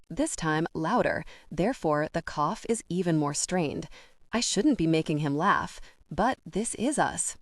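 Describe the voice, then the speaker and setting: Low-voiced woman narrating an audiobook. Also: no echo, studio quality. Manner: steady first-person storytelling. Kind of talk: scripted narration.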